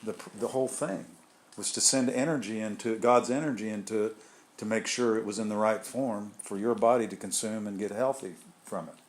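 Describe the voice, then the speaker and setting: A man with a somewhat low voice leads a small group through an informal spiritual talk. He rambles in a loose, conversational way, doubling back and adding asides as he goes. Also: normal speed. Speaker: group leader.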